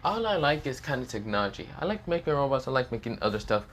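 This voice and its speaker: A man's voice: mid-range voice, sing-song, quick pace, fairly bright tone, slight background noise. A man voicing a laid-back teenage girl student who loves technology, in his own casual voice.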